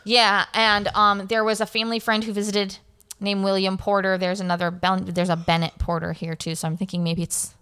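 Bright, clear-voiced woman podcast host. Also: medium pitch, little pitch movement, brisk. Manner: rambling, many fillers and self-corrections. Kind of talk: casual storytelling chat.

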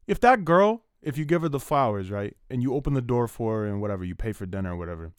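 A man's voice: mid-range voice, expressive, fast talker, smooth, dry recording, clean studio sound. Crude, rambling young man in banter. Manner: rambling, crude, teasing, many restarts. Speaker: podcast co-host. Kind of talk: crude joking podcast banter.

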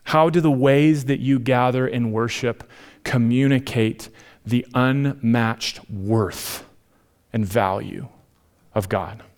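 A man, preaching a sermon as pastor, animated in his storytelling and dropping to near whispers for emphasis. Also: medium pitch, slow.

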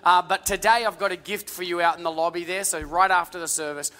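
A man preaching a sermon as lead pastor, energetic and calling out to the congregation. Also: high-pitched, fast talker. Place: large church hall with music. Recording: live church hall with long reverb.

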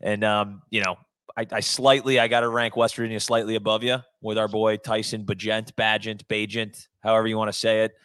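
A man's voice: lowish voice, flat delivery, a little fast, fairly bright tone, clean tone, no room sound, clean studio sound. A man co-hosting a casual sports podcast, talking in a laid-back, rambling way with lots of fillers. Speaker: podcast co-host.

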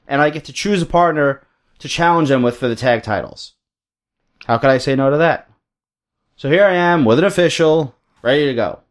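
A man's voice: fairly high pitch, natural voice. A man voicing a cocky male wrestler who speaks with mocking sarcasm.

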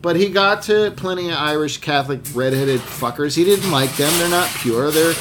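Casual podcast co-host, slightly higher male voice, chatty and profane. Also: noisy background. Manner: rambling, swears, halting restarts.

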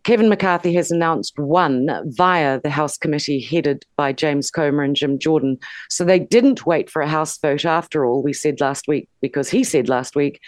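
A woman's voice: low-pitched, a little mellow, no echo. A woman on a political panel, talking in a forthright, opinionated way and reading out details. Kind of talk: casual panel discussion.

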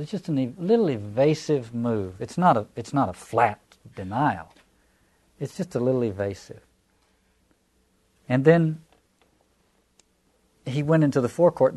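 A man's voice: mid-range voice, lively intonation, normal speed, pauses often, dark tone, breathy edge. A man with a Southern American accent, giving a reflective lecture on scripture, restarting phrases and posing rhetorical questions.

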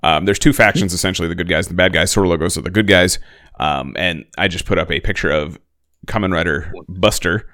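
Man, deep low voice, dry recording, casual show recap, laughs a lot. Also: fast talker, no echo. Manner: animated, laughs often, acts out lines. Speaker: podcast co-host.

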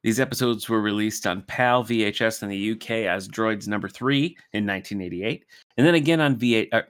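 A man's voice: on the low side, fairly quick, fairly bright tone, clean tone. A man co-hosting a podcast in casual chat, sharing anecdotes and reading out production details. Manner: conversational, reads production facts. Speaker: podcast co-host.

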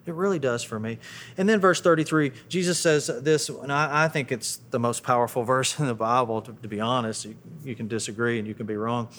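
A man's voice: mid-range voice, a little fast, fairly bright tone, slight background noise. A middle-aged man preaching a sermon in a conversational way, often repeating words as he restarts. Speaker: pastor.

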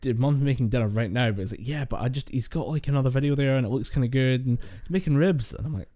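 Mellow-voiced rambling podcast co-host, a man. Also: medium pitch, quick pace. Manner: rambling, laughing, frequent restarts and swearing. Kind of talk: casual gaming chat.

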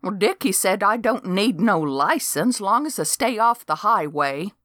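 A woman's voice: mid-range voice, animated, unhurried, fairly bright tone, no room sound, clean studio sound. A woman reading as a feisty, folksy older woman who is proud of her homemade go-kart, in an audiobook.

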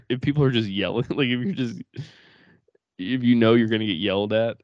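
A man's voice: mid-range voice, brisk, darkish tone, no room sound, dull audio. A young man co-hosting a podcast, rambling through profane family stories and laughing as he talks. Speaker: podcast co-host. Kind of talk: casual chat.

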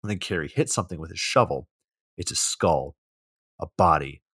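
A man with a low voice retells a movie plot for a podcast, tossing in sarcastic asides and quick impressions of the characters. The sound is dry and close, with no room echo. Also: a bit bright, husky. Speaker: podcast co-host. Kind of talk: casual movie recap.

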